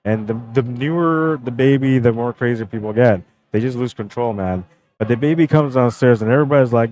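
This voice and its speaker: A man's voice: medium pitch, brisk, a little mellow, poor audio. A young man casually commenting on a pool match on his live stream, chatting with viewers and greeting them by name. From Canada.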